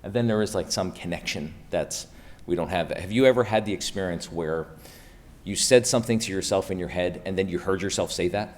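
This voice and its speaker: The keynote speaker, a man from Pennsylvania, talks briskly in a low-pitched voice. His conference talk to the live crowd in the room is casual and upbeat, peppered with rhetorical questions.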